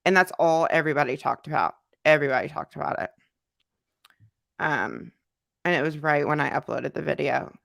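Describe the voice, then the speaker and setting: A congested woman runs a relaxed livestream, reading out chat messages while repeating herself and filling gaps with filler words. Her voice is deep and gravelly, and the studio sound is clean with no room noise.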